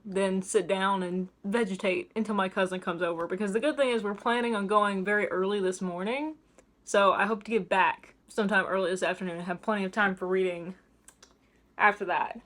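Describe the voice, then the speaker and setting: A woman's voice: mid-range voice, fairly even intonation, normal speed, fairly bright tone. A young woman from Tennessee with a Southern accent, chatting casually and rambling with self-mocking asides in a home vlog. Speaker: book vlogger. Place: home kitchen.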